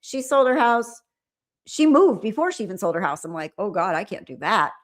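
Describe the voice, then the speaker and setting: A woman's voice: mid-range voice, big pitch swings, normal speed. A middle-aged woman hosting a livestream, chatting with viewers in a rambling way and often trailing off and restarting. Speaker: livestream host. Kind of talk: casual chat with viewers.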